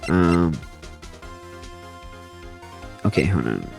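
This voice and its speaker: A man's voice: low voice, big pitch swings, very slow, creaky, a little mellow, faint music behind. A man casually commenting as he plays a game, offhand and correcting himself. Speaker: gamer reading a game aloud. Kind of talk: casual let's play commentary.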